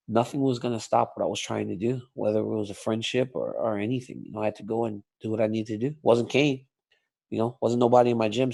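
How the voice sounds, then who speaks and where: Man, interview guest, gravelly, husky, emphatic, mid-pitched. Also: warm tone. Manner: emphatic, repeats questions for stress. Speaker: guest fighter. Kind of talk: interview chat.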